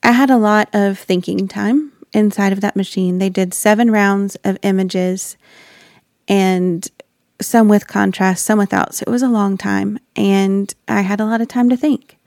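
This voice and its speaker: A woman's voice: medium pitch, steady tone, measured pace, dry recording, clean studio sound. A woman sharing an earnest, reflective personal faith story as a wife and mother. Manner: earnest, reflective, with soft laughs.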